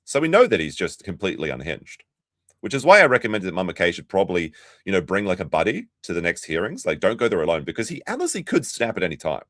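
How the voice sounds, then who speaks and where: A man's voice: sits low, huge pitch swings, fast, fairly bright tone, no room sound, clean studio sound. A man hosting a reaction commentary, mocking the clips he plays and talking to his chat. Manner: mocking, sarcastic, talks to chat. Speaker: commentary channel host.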